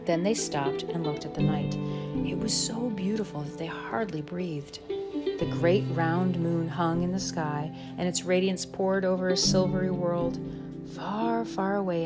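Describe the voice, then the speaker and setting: A woman narrating a children's storybook in a slow, gentle, measured way. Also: fairly low pitch. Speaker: audiobook narrator.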